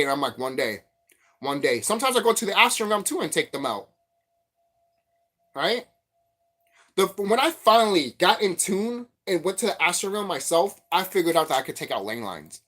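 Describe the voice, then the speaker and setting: A man's voice: sits high, normal speed, long pauses. Man rambling through a profane monologue. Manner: profane, animated storytelling. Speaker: spiritual vlogger.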